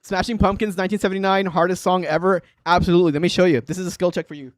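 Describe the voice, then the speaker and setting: A man in his thirties hosts a casual livestream, talking in a loose, rambling way full of fillers and quick laughs. His voice sits a bit higher than most men's. The sound is close and dry, with no room around it. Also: fairly even intonation, no echo. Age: 30s. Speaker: livestream host and bass player.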